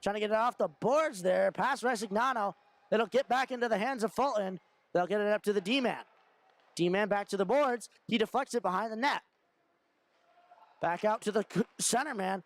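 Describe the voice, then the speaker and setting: Young male hockey commentator, high-pitched and gravelly, fast running call with shouts on the big plays. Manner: rapid running call, rising to shouts on shots and goals. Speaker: play-by-play commentator. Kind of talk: amateur hockey play-by-play commentary.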